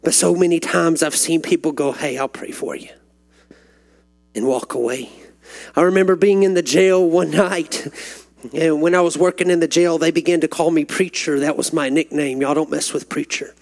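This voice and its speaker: A man's voice: steady tone, moderate pace, gravelly, darkish tone. A man preaching a sermon, telling stories and building to fervent, climbing peaks. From Texas. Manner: rising to fervent, climbing pitch when stirred.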